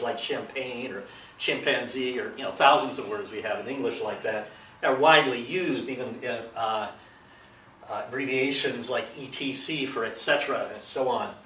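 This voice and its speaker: Male teacher, mid-pitched, talking through a grammar lesson in a meandering way; recorded at a distance in a reverberant room. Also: moderate pace, bright, forceful tone, slight background noise. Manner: loose, rambling explanation with many fillers. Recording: echoey room, mic at a distance.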